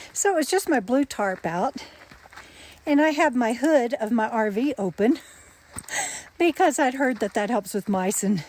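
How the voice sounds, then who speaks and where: A woman telling a story in a casual outdoor vlog while out hiking on a forest trail, a little out of breath and laughing often. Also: fairly high pitch. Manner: chatty, laughs often, animated retelling. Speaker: RV nomad vlogger.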